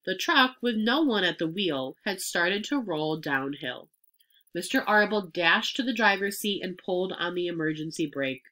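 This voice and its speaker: A woman reading a children's storybook chapter aloud, expressive and clear. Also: lowish voice, normal speed. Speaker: reader.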